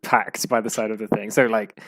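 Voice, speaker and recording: A man's voice: lowish voice, little pitch movement, normal speed, fairly bright tone, dry recording. A man running a tabletop game as game master, narrating in a rambling way full of fillers and restarts.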